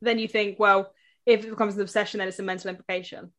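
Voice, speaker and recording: Young woman, podcast host, casual chat, self-mocking, rambling restarts, mid-pitched voice. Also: little pitch movement, quick pace, a bit bright.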